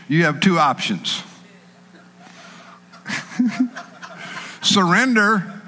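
A man preaching a sermon in an animated way, acting out panicked people in a raised voice. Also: high-pitched, in a large hall.

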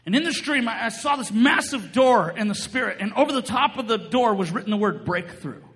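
A man preaching a sermon, telling a story with excitement, laughing often and breaking into shouts as he acts out what people said. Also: high-pitched, brisk, big-room sound.

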